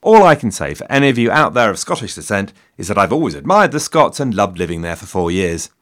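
A man's voice: lowish voice, big pitch swings, fast, a bit bright. Wry English man hosting a history podcast. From England. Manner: wry, self-mocking, theatrical asides. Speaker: podcast host. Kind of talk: solo history podcast narration. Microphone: studio mic in a shed.

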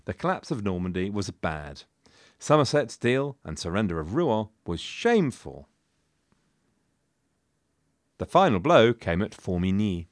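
A man's voice: on the low side, very animated, normal speed, no room sound. Wry man narrating history. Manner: wry, dry humour with casual asides.

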